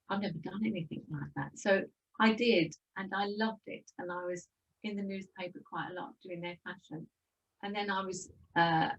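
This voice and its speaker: A woman's voice: fairly low pitch, distant mic, highs cut off. An older woman with a Birmingham accent, telling her life story as an interview guest in a chatty way, often repeating words. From Birmingham, England. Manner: chatty, lively, repeats words as she goes.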